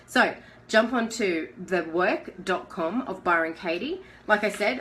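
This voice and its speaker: A woman's voice: mid-range voice, moderate pace, fairly bright tone, a little hiss or hum, poor audio. Chatty woman coaching live. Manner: chatty, conversational, asks the listener questions. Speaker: life coach. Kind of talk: casual live coaching talk.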